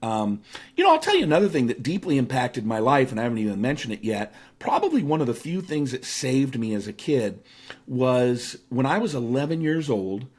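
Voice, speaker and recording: A man in his fifties from the Seattle area, a guest telling lively anecdotes with frequent fillers in a casual interview. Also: medium pitch, a little fast, husky. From Seattle area, United States. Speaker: guest, speaker and author.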